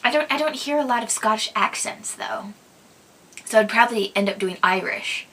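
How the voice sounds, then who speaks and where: A young woman from Minnesota hosts her own vlog, chatting casually through viewer questions. Her voice is bright and sits a little high. She is giggly and hesitant, full of ums and restarts. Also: lively intonation, moderate pace. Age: young adult. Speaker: vlog host. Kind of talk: casual chat.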